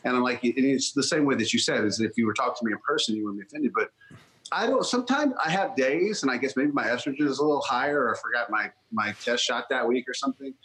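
A man's voice: medium pitch, lively intonation, fast talker, fairly bright tone, low-quality recording. A man, a strength coach guest, talking bluntly and profanely in casual podcast chat.

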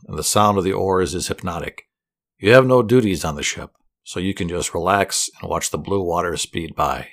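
A man telling a guided fantasy story to relax to, in a soothing, steady voice with dry humor. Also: low voice. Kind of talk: calm guided fantasy narration.

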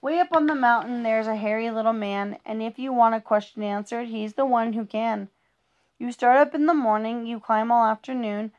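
A woman's voice: a little high, normal speed, smooth, lo-fi sound. Playful woman reading rhyming poems. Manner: playful, sing-song rhythm with small stumbles. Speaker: reader of children's poems.

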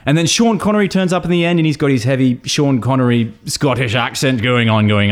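A man's voice: medium pitch, fairly quick, few pauses. A man co-hosting a podcast, chatting casually and making dry, teasing jokes. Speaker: podcast co-host. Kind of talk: casual chat.

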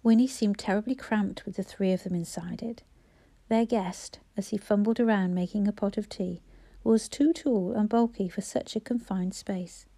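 A woman narrating an audiobook in a soft, even storytelling voice on a close mic. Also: mid-range voice, normal speed, gravelly.

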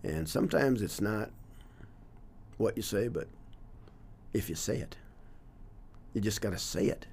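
A man's voice: on the low side, lively intonation, measured pace, creaky, long pauses, a little mellow, slight background noise. A man in his sixties, a longtime teacher and coach, talking earnestly in a casual interview and trailing off with loose fillers. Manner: earnest and reflective, trails off with "you know, whatever".

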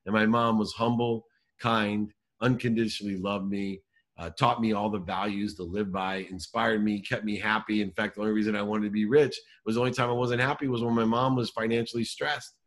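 A man in his forties tells his own story in a lowish voice. He speaks earnestly and with emphasis, and slows down to lean on the lines that matter most. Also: level tone, fairly bright tone. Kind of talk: personal story told in conversation.

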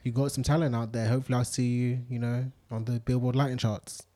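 Young male co-host, mellow tone, measured enthusiastic delivery. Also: mid-range voice, flat delivery. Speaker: podcast co-host. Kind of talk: casual chat.

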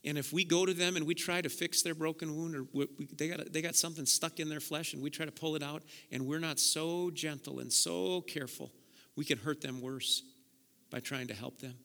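With a fairly quick, steady, gravelly voice that's high, pushed, and bright, a pastor delivers an impassioned sermon. He builds intensity by repeating words once he gets worked up, and the church sanctuary's big hall gives the sound a long reverb.

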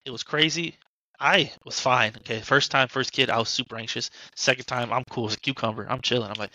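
A man's voice: medium pitch, moderate pace, sharp tone, no room sound, rough recording. A young man telling a casual, swear-laced story about his family on a podcast. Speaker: podcast co-host. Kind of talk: casual chat.

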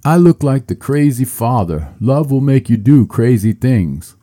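A man's voice: low voice, moderate pace, mellow, no echo, studio quality. A man imitating an emotional male movie star who speaks in an earnest, overwrought way.

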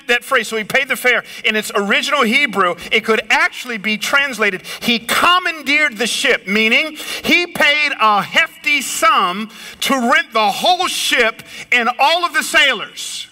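A middle-aged man preaching a sermon, swinging his pitch up and down and slowing or raising his voice for emphasis. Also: sharp tone. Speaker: pastor. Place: lives in a big city apartment.

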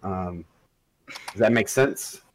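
A man's voice: low voice, slow. A man playing an earnest young man who hedges and tries to keep the peace in a tabletop role-play. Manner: earnest, with hedging fillers.

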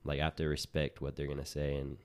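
A man co-hosting a podcast in casual chat, relaxed and talking straight to his listeners. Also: rumbling low, fast. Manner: relaxed, addresses listeners as "you guys". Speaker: podcast co-host.

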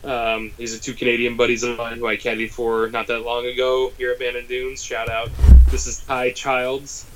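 A man's voice: mid-range voice, completely flat delivery, a little fast, slight background noise, poor audio. A middle-aged man hosting a golf podcast, talking casually in long rambling asides and jokes. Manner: rambling, self-correcting, joking. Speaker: podcast host and caddie.

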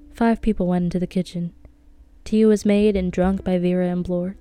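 A woman reading a novel aloud, with a tense, hushed delivery of the characters' inner thoughts. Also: on the low side, little pitch movement, moderate pace, smooth, no room sound. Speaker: audiobook reader.

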